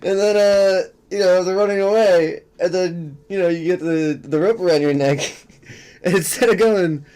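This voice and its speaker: A man's voice: sits high, steady tone, normal speed, dark tone, clear, resonant tone. A young man hosting a reaction video, commenting sarcastically and swearing as he mocks what he watches. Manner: sarcastic, swearing, laughing often.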